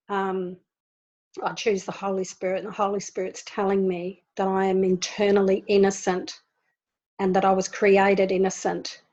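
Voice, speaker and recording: Flat-toned woman teaching over a video call. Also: medium pitch. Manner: gentle, repeats words for emphasis. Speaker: spiritual teacher. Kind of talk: spiritual talk to an online group. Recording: dull lo-fi video call audio.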